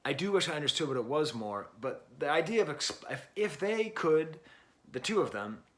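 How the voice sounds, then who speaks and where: A man's voice: on the high side, animated, normal speed, a bit bright. A middle-aged man giving a casual spoken record review in a chatty, wry way, rambling and correcting himself with lots of fillers. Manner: rambling and self-correcting, with many fillers and restarts; chatty and wry, with little laughs. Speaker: music reviewer.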